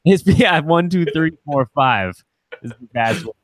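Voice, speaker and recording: A man with a raised, lively voice that swings widely as he co-hosts a casual podcast. He talks in an animated way and laughs easily. The sound is close and dry, with no room around it. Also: on the high side, a little slow, dry recording. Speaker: podcast co-host. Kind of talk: casual live podcast chat.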